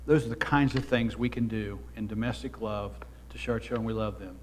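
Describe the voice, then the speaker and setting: A man's voice: lowish voice, fairly even intonation, a little fast, a little hiss or hum. Earnest man preaching in a reverberant hall. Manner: earnest, exhorting, swells louder for emphasis. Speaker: pastor. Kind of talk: sermon. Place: church sanctuary.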